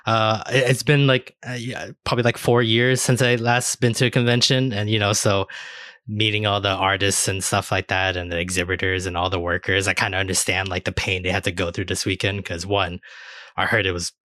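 Bright-voiced, low man on a podcast. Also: little pitch movement, brisk, no echo, studio quality. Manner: rambling, swears freely, many fillers. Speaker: podcast co-host. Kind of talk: casual chat.

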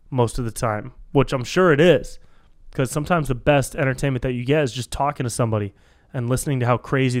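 This solo podcast host speaks in a mid-range voice through a podcast microphone, with clean studio sound and no echo. He freestyles casually and rambles, swearing often and addressing everyone as dude.

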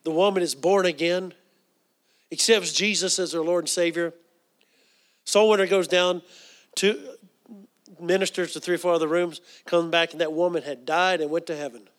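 A man's voice: a little high, fairly even intonation, normal speed, pauses often. A man preaching a sermon, telling stories earnestly with frequent fillers.

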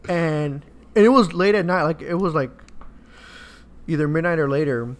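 Casual man rambling on a podcast. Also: a little high. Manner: rambling, halting anecdotes. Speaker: podcast co-host. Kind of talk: casual chat.

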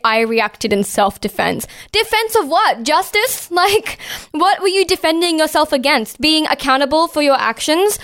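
A woman's voice: high voice, fairly bright tone. A woman co-hosting a casual political discussion, talking in an impassioned way, swearing often and saying "like" a lot.

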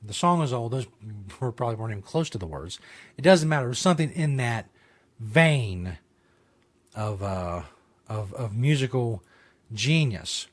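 A talk show host with a mid-range voice delivers a casual podcast monologue at a moderate pace. He's animated and rambling, full of fillers, restarts and swearing.

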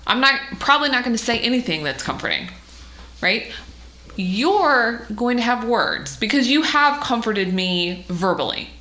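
A woman's voice: fairly high pitch, sing-song, a little slow, bright, forceful tone. A woman co-hosting a podcast in casual chat, emphatic and repeating words as she builds her point. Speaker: podcast co-host, host's wife. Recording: echoey room.

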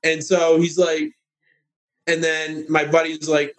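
Animated man telling a story. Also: normal speed. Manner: animated storyteller, mimics others in high voices. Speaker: guest. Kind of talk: casual podcast storytelling.

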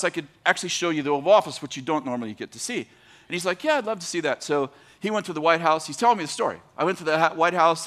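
Male podcast preacher, bright ringing tone, animated storyteller. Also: a little high. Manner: animated, laughing storyteller, rising to emphatic.

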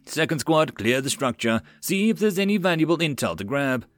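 A man's voice: fairly high pitch, animated, a little fast, fairly bright tone, no room sound, voice pushed up. A man playing a cocky male marine sergeant who barks orders and teases, in an audiobook. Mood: gruff. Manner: barking orders, teasing.

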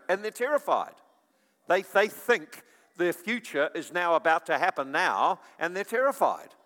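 A male preacher giving a sermon in an animated storytelling manner, with chuckling asides. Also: sits high. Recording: long reverb of a large hall.

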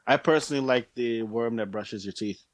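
A man's voice: mid-range voice, a little fast, dry recording. A man chatting casually as co-host, making dry quips and laughing often. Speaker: podcast co-host. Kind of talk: casual chat.

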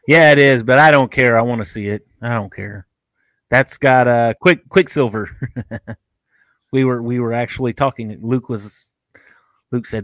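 A man's voice: medium pitch, measured pace, long pauses, a bit bright, no echo. Chatty man on a dry mic. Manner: chatty, rambling, restarts phrases. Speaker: podcast co-host. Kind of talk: casual live chat.

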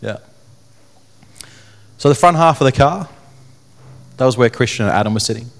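A young man telling his personal story to an audience, in an earnest, halting way that repeats phrases. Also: mid-range voice, lively intonation, creaky. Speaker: speaker telling his testimony. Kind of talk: personal testimony talk to an audience.

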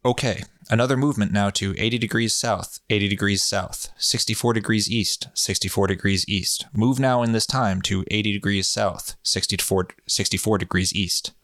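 A man voicing a calm male session monitor, giving slow, measured, repeated directions in a hypnotic manner. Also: fairly low pitch, no room sound, studio quality, lightly acted.

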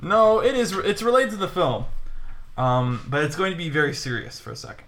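Male podcast co-host with a bright, forceful tone and easy laughter; casual, chatty, quick asides. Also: a little high, lively intonation, creaky.

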